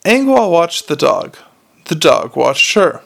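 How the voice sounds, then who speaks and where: A man's voice: on the high side, big pitch swings, slow pace, gravelly, fairly bright tone. A man narrating a novel aloud in a plain, unpolished reading with frequent restarts. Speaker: audiobook reader.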